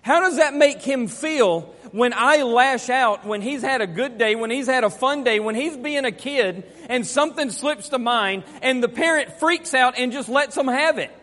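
A middle-aged man preaching a sermon as pastor, earnest and repeating his questions, rising to forceful emphasis. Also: extremely high pitch, moderate pace, hardly any pauses. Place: church sanctuary. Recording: long hall reverb.

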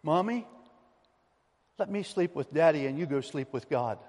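A man voicing a meek, frightened little boy of about three, pleading in a high child's voice. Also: fast talker, background noise. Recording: long reverb of a church hall.

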